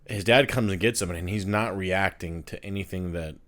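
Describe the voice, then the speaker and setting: A man's voice: deep voice, moderate pace. A man co-hosting a podcast, talking casually about a film, often repeating his first words as he gets going. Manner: animated, repeats words when starting sentences. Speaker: podcast co-host.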